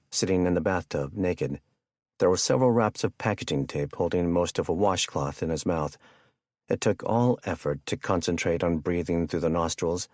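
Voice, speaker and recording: Male audiobook narrator, deep voice, steady measured read, dry close sound. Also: no echo. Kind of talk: scripted narration.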